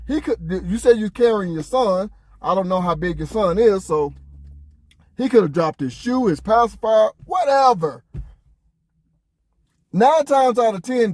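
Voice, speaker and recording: A man's voice: sits high, a little mellow, no echo. A man giving casual reaction commentary, emphatic and incredulous, with lots of rhetorical questions. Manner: casual, conversational.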